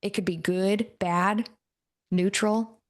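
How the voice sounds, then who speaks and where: A woman's voice: mid-range voice, fairly even intonation, slow. Chatty woman coach teaching. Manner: chatty, laughs often, acts out quotes. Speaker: NLP coach. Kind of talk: casual teaching talk.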